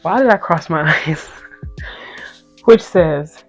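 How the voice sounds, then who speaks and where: A speaker in their twenties telling a casual story and then a Bible talk to viewers, animated and playful, swinging between loud outbursts and hushed asides. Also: medium pitch, slow, vocal fry, long pauses, lo-fi sound. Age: 20s. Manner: playful slangy banter with viewers. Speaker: content creator. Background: faint background music.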